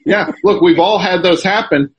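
A man hosts a casual chat and rambles through stories with many restarts. His voice sounds a little husky. The recording is dull and lo-fi. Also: high-pitched, normal speed. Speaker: radio show host.

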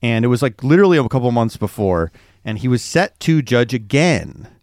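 Man, podcast co-host, mid pitch, halting storyteller, dry close mic. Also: very animated, darkish tone, no room sound. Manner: storytelling, many fillers and restarts. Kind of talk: casual podcast chat.

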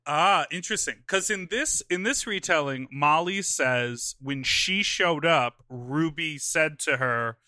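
A man's voice: a little high, slow pace, hardly any pauses, pushed and bright, no echo, studio quality. A man co-hosting a podcast, chatting playfully about gossip and laughing often. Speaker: podcast co-host. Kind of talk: casual gossip chat.

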